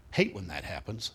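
A man's voice: deep voice, vocal fry, sharp tone, husky. A male pastor preaching a sermon, telling a personal story in a folksy way with humorous asides to his congregation.

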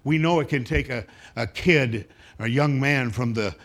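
A man's voice: mid-range voice, unhurried, a bit bright. A male pastor preaching a sermon, telling a personal story in a folksy way with humorous asides to his congregation.

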